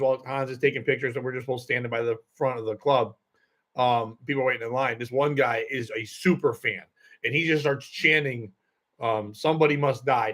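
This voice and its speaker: A man's voice: mid-range voice, pushed and bright. A man hosting a podcast, telling a rambling story in casual chat, full of fillers and laughs. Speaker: podcast host and comedian.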